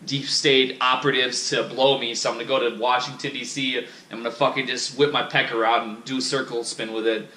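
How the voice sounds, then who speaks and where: A man's voice: mid-range voice, little pitch movement, a little fast, few pauses, sharp tone, reverberant. A man vlogging in a casual, rambling monologue, profane and self-critical, with many restarts.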